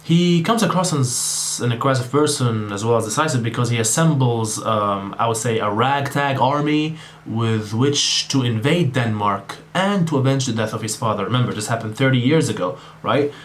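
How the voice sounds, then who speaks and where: A man's voice: mid-range voice, moderate pace, few pauses, slight background noise. A man tutoring on literature in a casual exam-prep lecture, talking straight to viewers with frequent ums and asides. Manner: casual, addresses viewers as guys, many ums.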